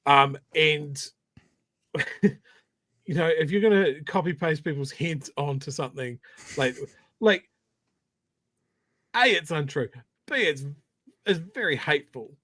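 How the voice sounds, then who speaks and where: A man with a New Zealand accent co-hosting a political podcast, animated and swearing, with stumbling restarts. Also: fairly high pitch, slow, long pauses, no echo. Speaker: podcast co-host. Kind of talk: casual political chat.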